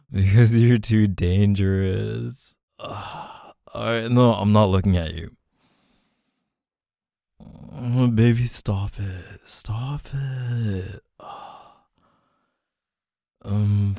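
A man's voice: sits low, gravelly, mellow, dry recording, studio quality. A man doing an audio role-play as a boyfriend, teasing and affectionate and laughing often.

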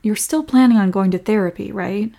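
A young woman in a whispered role-play as a comforting girlfriend, speaking softly and protectively. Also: medium pitch, fairly quick. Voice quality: breathy.

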